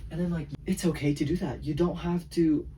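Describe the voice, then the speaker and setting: A man's voice: on the high side, steady tone, a little fast, dark tone, distant mic, slight background noise. A teenage boy venting in a casual rambling vlog, saying "like" constantly. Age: teens. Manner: rambling, heavy use of "like", venting. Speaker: vlogger.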